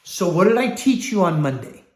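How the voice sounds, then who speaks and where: A man teaching a sales class, blunt and profane, acting out his pitch dialogue. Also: sing-song, moderate pace, reverberant. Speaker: sales trainer.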